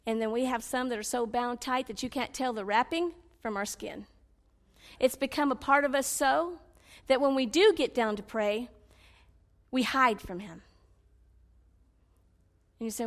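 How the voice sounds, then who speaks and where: High-voiced woman preaching with fervor. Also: measured pace, in a large hall. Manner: animated, swings between loud pleading and low confiding. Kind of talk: sermon.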